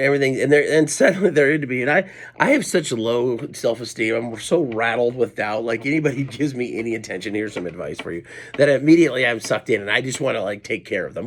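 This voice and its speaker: A man's voice: mid-range voice, lively intonation, brisk. A middle-aged man and comedian telling a rambling, self-deprecating story at home late at night, full of asides and restarts. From Colorado, USA. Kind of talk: casual storytelling monologue.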